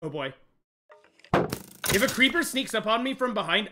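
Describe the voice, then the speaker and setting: A young man streaming a game live, jumpy and excitable, talking straight to his chat. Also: high voice, moderate pace. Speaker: gaming livestreamer. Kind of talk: live let's-play commentary.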